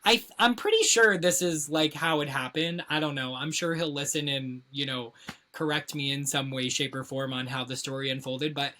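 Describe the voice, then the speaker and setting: A woman co-hosting a podcast, telling a story in casual chat, animated and heavy on swearing and filler words. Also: deep voice, normal speed. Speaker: podcast co-host.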